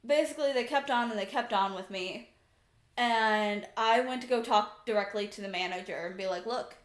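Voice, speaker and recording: A woman streamer telling a story in a casual, exasperated, animated way from her room at home. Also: medium pitch, moderate pace. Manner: chatty, exasperated, animated retelling. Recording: echoey room.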